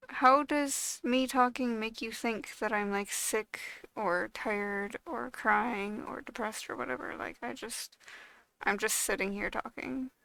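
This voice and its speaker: A young woman vlogging in casual chat, with a gravelly, low-energy voice, rambling and frustrated, full of fillers and swearing. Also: fairly bright tone, no echo.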